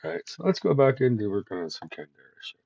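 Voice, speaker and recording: A man's voice: mid-range voice, big pitch swings, rapid-fire, creaky, slightly rough, no room sound. A man talking casually to his stream, cursing heavily and stammering when worked up, then muttering to himself as he works at his computer. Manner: mutters quietly to himself while using the computer. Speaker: streamer working on a worldbuilding project. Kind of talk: casual solo stream talk.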